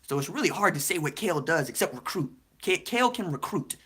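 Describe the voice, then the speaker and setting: Young guy hosting a sports live stream, super lively, bright voice, laughs a ton. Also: on the high side, slightly rough. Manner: animated, laughs a lot, rapid shout-outs to chat. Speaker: podcast host.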